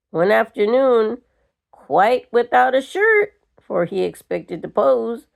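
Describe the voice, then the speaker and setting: An older woman reads a short story aloud at a very slow, measured pace. Her voice is gravelly and sits a little high. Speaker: reader.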